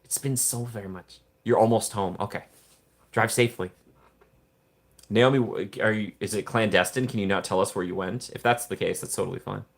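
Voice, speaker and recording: A man's voice: on the low side, fairly quick, gravelly. A man hosting a casual livestream, rambling and joking while he reads viewer chat. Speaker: livestream host.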